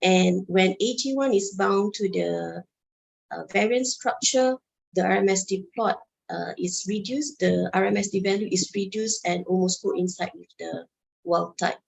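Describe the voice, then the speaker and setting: A woman from Malaysia giving an academic presentation in a measured way with frequent hesitations. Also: medium pitch, gravelly, husky, poor audio. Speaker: conference presenter.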